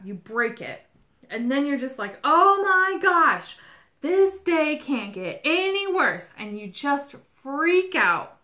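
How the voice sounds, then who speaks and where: A woman's voice: a little high, a bit bright. A woman giving a casual tarot reading, talking in a reflective, reassuring way with frequent fillers. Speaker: tarot reader. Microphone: home video setup.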